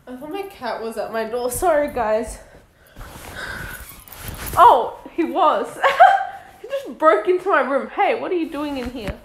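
A woman's voice: sits high, animated, measured pace, pauses often, a little hiss or hum. A young woman chatting her way through a video game, joking with her viewers as she plays. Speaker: gaming video creator. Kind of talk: casual gameplay commentary.

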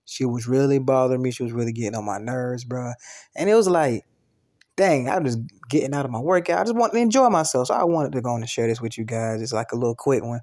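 A man's voice: mid-range voice, fast talker, darkish tone, dry recording, studio quality. Laid-back man introducing his podcast. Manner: laid-back, says "bro" a lot. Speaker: podcast host.

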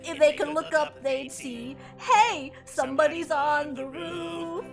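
Brief: woman doing a pushy crude demon guy, lower and darker than her own voice, cocky sing-song patter, faint music behind. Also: takes it slowly. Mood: mopey singing. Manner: wheedling, cocky, half-sung patter. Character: brash scheming male demon ghost, pushy and crude.

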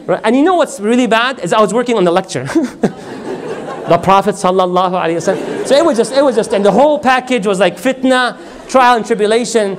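A man with a high-set voice delivers a lively religious talk. He tells personal stories, voices the people in them, and keeps asking his listeners to respond. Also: quick pace, a little hiss or hum. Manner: storytelling, acts out dialogue, asks audience to respond. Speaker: lecturer.

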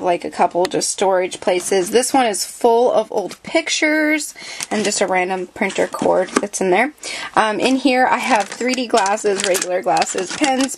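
A young woman chats her way through a tour of her own bedroom, rambling and dropping plenty of fillers as she goes. She films on a handheld camera while moving around the room, and her voice sits at an ordinary middle pitch. A faint hiss of noise runs underneath. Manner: chatty, rambling, many fillers. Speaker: vlogger.

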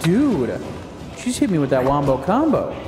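A man's voice: on the high side, huge pitch swings, unhurried. A young man giving jokey let's play commentary on a video game, swearing freely and trash-talking the enemies. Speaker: gaming video creator. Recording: roomy echo with long reverb, music behind. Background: game music.

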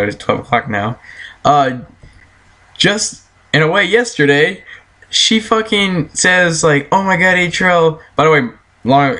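A man's voice: on the high side, a bit bright. A man telling a story as a casual, heated, profane rant, breaking into laughter now and then.

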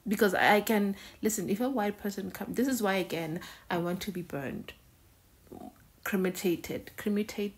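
A woman's voice: medium pitch, moderate pace, few pauses, slightly rough. A woman hosting a reaction video in a casual, conversational way, often repeating words and phrases for emphasis.

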